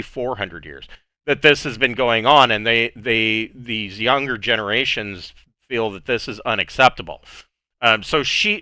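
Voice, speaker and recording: A man narrating a tabletop game as game master, in a relaxed, rambling way with many fillers. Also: medium pitch, clean tone, dry recording.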